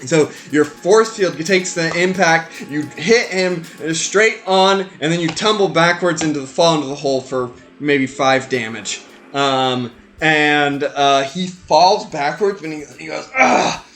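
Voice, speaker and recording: A man narrating as game master in a tabletop game, animated and stumbling over his words. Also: fairly high pitch, measured pace, soft background music. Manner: animated narration with many fillers and restarts.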